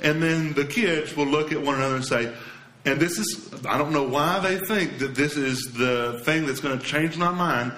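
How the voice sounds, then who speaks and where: A man preaching a sermon as a pastor, his voice set a little high for a man. He speaks with earnest emphasis and turns quiet and low for the scripture lines. The sound carries a roomy echo around him. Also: moderate pace.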